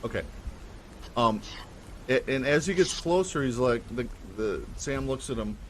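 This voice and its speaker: Male game master, average pitch, loose and halting narration. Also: expressive, slight background noise. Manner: casual, hesitant with fillers.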